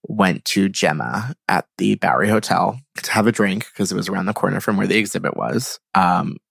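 A man talking as a podcast guest, telling stories in a chatty, animated way full of quoted dialogue and easy laughter. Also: low voice, a little fast, gravelly, slightly rough, no echo. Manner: animated, chatty, heavy use of "like", quoting others. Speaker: guest photographer. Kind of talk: casual interview storytelling.

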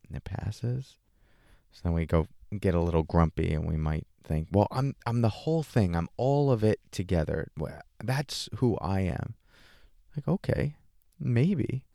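A man giving a reflective spiritual talk as a meditation teacher, asking questions and answering for an imagined listener in a relaxed, casual way. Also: lowish voice, creaky, dry recording, studio quality. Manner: questioning, talks back and forth with an imagined listener; relaxed and casual, light laughs.

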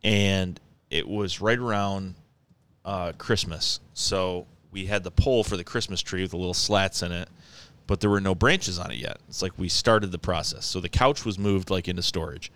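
A man with a lowish, smooth, resonant voice tells a story in casual conversation. He rambles and restarts, grows animated as the story builds, and laughs along the way. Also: moderate pace. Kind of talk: casual chat, telling a story.

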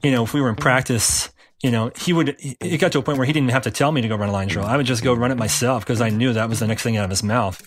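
A man's voice: medium pitch, quick pace. Rambling middle-aged man reminiscing. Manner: relaxed, rambling, many fillers. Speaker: interviewee, former player. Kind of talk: casual recollection.

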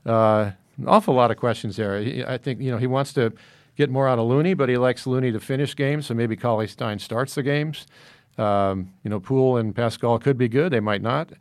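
A man's voice: mid-range voice, brisk, no echo, studio quality. A man talking through basketball analysis in casual discussion, rambling with many fillers and restarts.

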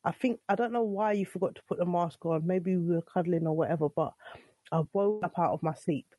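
Young woman venting about her nights, mellow voice, dry close sound. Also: lowish voice, brisk, no room sound. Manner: exasperated, retelling with quoted dialogue. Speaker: host's wife telling her side. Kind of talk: casual storytelling.

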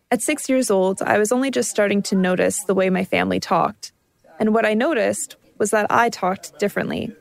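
A woman with a Canadian accent, calmly telling a personal documentary story in scripted narration. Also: medium pitch, gravelly. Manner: calm, reflective storytelling.

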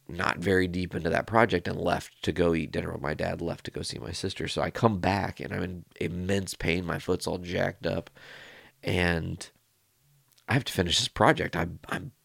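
A man hosting his podcast, telling a personal story in a casual, rambling, animated way and swearing freely. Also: sits low, creaky, no room sound. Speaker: podcast host.

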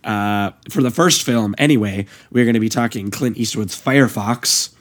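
A man hosting a podcast in casual chat, his voice hoarse and worn out. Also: fairly low pitch, normal speed. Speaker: podcast host.

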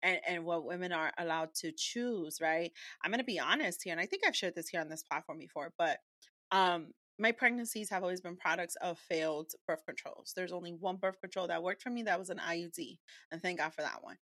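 A woman podcast host with a bright, forceful voice, expressive and conversational. She often turns to her guest with "right?" The recording is close and dry. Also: on the low side, brisk, no echo. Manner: expressive, says "right?" a lot. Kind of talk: casual podcast chat.

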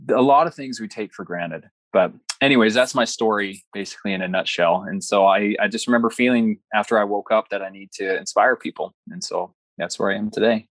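A young man, a guest in an interview, telling a personal story with earnest, animated delivery and quoted dialogue. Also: on the low side, dry recording.

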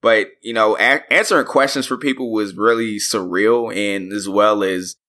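A man's voice: on the low side, normal speed, pushed and bright. A man in his twenties co-hosting a podcast, casually talking about speaking on a panel. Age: 20s. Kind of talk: casual chat.

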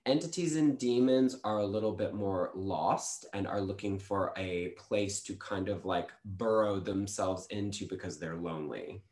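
A man who is a guest on a podcast, telling spiritual stories in a halting way with many restarts. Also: low voice, darkish tone, roomy sound. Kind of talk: casual spiritual storytelling.

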